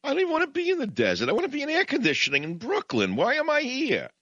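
A man's voice: very high voice, wildly swooping pitch, fast, fairly bright tone, dry recording, highs cut off, voice pushed up, full character voice. A man voicing a whiny, self-pitying old male prophet who keeps complaining. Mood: whining. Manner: whining, complaining.

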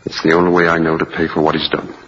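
A man's voice: extremely low pitch, monotone, fast talker, a bit bright, slight background noise. An actor playing a young soldier son who is anguished and bitter at his father, in a 1940s film drama. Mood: grave. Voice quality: husky, impassioned. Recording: dull old film soundtrack.

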